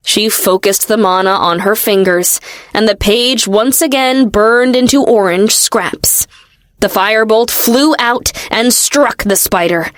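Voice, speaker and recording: A woman narrating a fantasy audiobook in a steady, expressive storytelling manner. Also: a little high, a little slow, dry recording, studio quality. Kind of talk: scripted narration.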